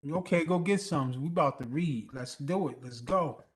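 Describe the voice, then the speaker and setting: A man's voice: fairly high pitch, moderate pace. A man hosting an open mic over a video call, joking and telling stories in casual chat. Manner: joking, animated storyteller.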